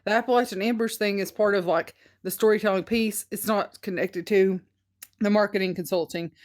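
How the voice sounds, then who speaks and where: A woman's voice: mid-range voice, fairly even intonation, fairly quick, darkish tone. A woman with a Southern US country twang calling into a live podcast, hesitant and searching for words with many ums. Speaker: audience caller.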